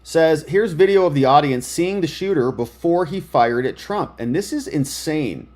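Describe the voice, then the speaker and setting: A man doing live political commentary, sarcastic and excitable as he reads news items aloud. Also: a little high, normal speed.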